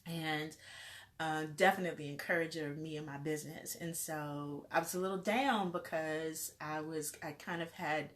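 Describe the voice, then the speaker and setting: Earnest woman with a lowish voice. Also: steady tone, normal speed, fairly bright tone. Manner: earnest, faith-filled, repeats phrases in rolling lists. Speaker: life coach. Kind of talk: motivational vlog.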